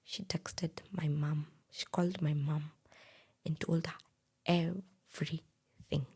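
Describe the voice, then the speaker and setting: A woman's voice: low voice, takes it slowly, slightly rough. A young woman with a Kenyan accent, animatedly telling her own story and quoting the people in it. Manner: animated, quotes others in dialogue. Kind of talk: personal storytelling.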